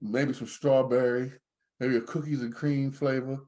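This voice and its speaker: A man's voice: mid-range voice, normal speed. A man co-hosting a podcast, in casual joking banter. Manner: joking, animated storyteller. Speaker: podcast co-host.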